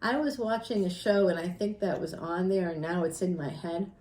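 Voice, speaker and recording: A woman's voice: fairly low pitch, moderate pace, darkish tone. Chatty woman in an echoey room. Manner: chatty and rambling, laughs often, addresses viewers directly. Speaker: tarot reader. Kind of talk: casual tarot reading chat.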